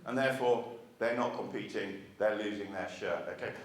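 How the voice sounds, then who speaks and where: At a regional meeting, a man with a fairly low voice gives a brisk marketing speech to a live crowd. He stays chatty and peppers the room with rhetorical questions, while the mic sits far away in an echoey hall.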